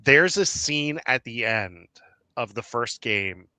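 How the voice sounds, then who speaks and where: A man hosting a casual gaming chat, animated and quick to laugh. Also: mid-range voice, no echo.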